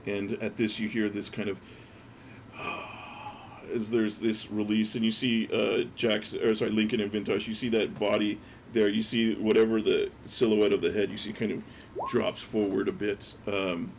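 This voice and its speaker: Gravelly, low-voiced man narrating a tabletop game. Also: flat delivery, moderate pace, noisy background. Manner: loose, filler-heavy narration. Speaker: dungeon master.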